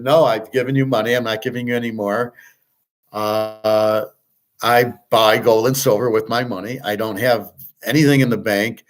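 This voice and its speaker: Casting note: older male host, rambling and profane, middle-pitched voice, offhand chat. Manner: rambling, profane, repeats himself. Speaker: sports betting show host. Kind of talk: rambling casual talk.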